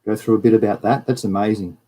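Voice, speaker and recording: Ranting Australian man, mellow voice. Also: fairly low pitch, fast talker, low-quality recording. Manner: animated, ranting, reads news and chat aloud. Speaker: live-stream host. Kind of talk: casual live-stream commentary.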